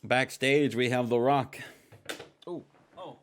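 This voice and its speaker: A man's voice: mid-range voice, slow pace, a little hiss or hum. A man co-hosting a wrestling podcast, joking, teasing his partner and recapping matches in casual chat. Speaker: podcast co-host.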